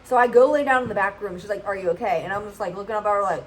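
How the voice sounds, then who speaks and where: A woman's voice: medium pitch, very fast, a little hiss or hum, poor audio. A woman, telling a casual storytime vlog and often checking in with "okay?". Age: 20s. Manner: chatty, keeps asking "okay?". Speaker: vlogger.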